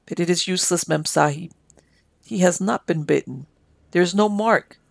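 A reader voicing a quiet, soft-spoken male servant puzzling over a sick man. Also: medium pitch, normal speed, vocal fry, no echo. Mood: puzzled, soft. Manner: quiet, gentle.

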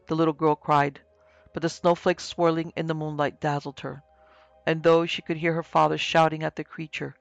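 A man narrating a horror story in a steady, even reading pace. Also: on the high side, normal speed, creaky, no echo, dull audio, faint music behind.

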